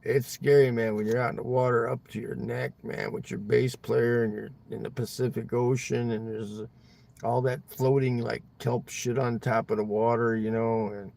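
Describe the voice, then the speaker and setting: A man's voice: mid-range voice, little pitch movement, normal speed, gravelly, darkish tone. A man livestreaming from inside his car, chatting loosely with viewers, rambling and swearing, ending lines with "man". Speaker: livestream host. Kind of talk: casual chat with viewers.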